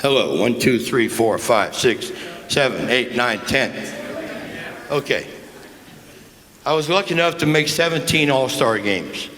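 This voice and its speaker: A man's voice: medium pitch, expressive, measured pace, long pauses, a bit bright. A man in his seventies telling folksy, crude after-dinner stories into a handheld mic in a large banquet hall, acting out the people he quotes. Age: 70s. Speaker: guest speaker. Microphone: handheld microphone. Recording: echoey banquet hall with faint noise.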